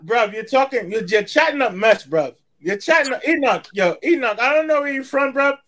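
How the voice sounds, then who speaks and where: A man's voice: very high-pitched, animated, normal speed, a bit bright. A man putting on an exaggerated British slang voice as a joke on a live show. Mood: scolding. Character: man faking a British trash-talking bruv, adult.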